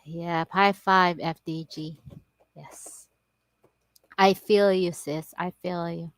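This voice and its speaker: Slow-talking Filipino woman, casual livestream. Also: on the low side, dry recording. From Philippines. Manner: animated storytelling, laughs often, broken English. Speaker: vlogger on a livestream.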